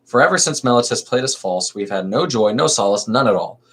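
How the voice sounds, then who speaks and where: A man's voice: medium pitch, lively intonation, a little fast, fairly bright tone, breathy edge. A man voicing a bold young woman who rallies her friends, read aloud in earnest, stagey verse. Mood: urging. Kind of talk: amateur play reading.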